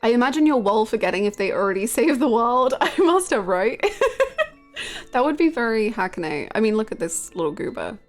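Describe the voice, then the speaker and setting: A woman's voice: a little high, sing-song, brisk, faint music behind. A woman streaming a game live, chatting casually with her viewers in a giggly, rambling way.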